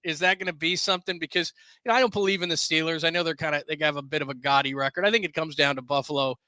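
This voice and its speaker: High, bright, animated man telling stories. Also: rapid-fire, no echo. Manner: animated, bursts into shouts when quoting. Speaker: sports radio broadcaster, guest. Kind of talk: casual podcast chat, storytelling.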